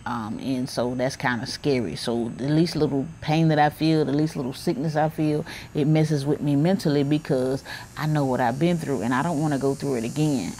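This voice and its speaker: Woman vlogger, deep voice, candid heartfelt chat, outdoor porch with faint noise behind. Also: dark tone. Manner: candid, heartfelt, chatty with Southern slang. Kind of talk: casual vlog talk to camera.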